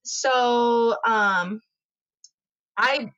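A woman co-hosting a podcast, telling a story in a lively, profane, chatty way. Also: fairly high pitch, extremely slow. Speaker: podcast co-host. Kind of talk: casual chat. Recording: dull lo-fi recording.

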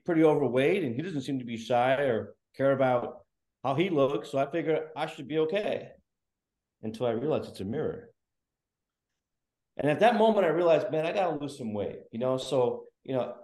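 A man's voice: medium pitch, darkish tone. A man doing stand-up comedy, telling self-deprecating stories. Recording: roomy echo.

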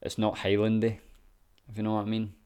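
Deep-voiced laid-back Scottish man. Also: monotone, fairly quick, darkish tone, smooth. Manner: laid-back, sweary, lots of ums and chuckles. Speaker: vlogger. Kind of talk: casual reaction commentary.

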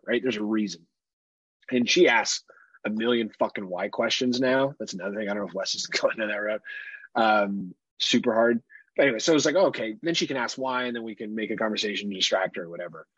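A man's voice: lowish voice, fast talker, fairly bright tone, slightly rough, no room sound, lo-fi sound. A man in his thirties co-hosting a podcast in casual chat, profane and rambling, often laughing. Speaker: podcast co-host.

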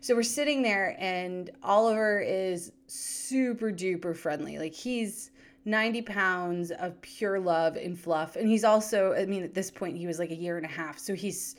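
Brief: woman in her 30s, podcast host, chatty animated storyteller, mid-pitched voice. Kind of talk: casual storytelling chat.

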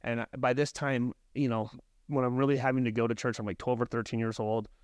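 A man's voice: medium pitch, flat delivery, a little fast, clear, resonant tone, no room sound. Earnest man on a dry podcast mic. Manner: earnest, reflective, with frequent restarts. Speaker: podcast guest, life coach. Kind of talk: casual podcast conversation.

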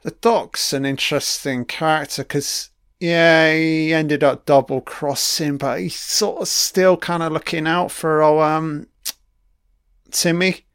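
Slow, smooth-voiced swearing film commentator. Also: male voice, a little high, fairly even intonation, fairly bright tone, no room sound, clean studio sound. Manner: crude, mocking, heavy swearing. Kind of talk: profane running film commentary.

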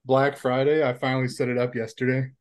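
A man's voice: mid-range voice, monotone, quick pace, clean tone. A man co-hosting a casual podcast over a video call from a phone camera, easygoing and hesitant. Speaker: podcast co-host. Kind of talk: casual chat. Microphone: phone front camera on a video call.

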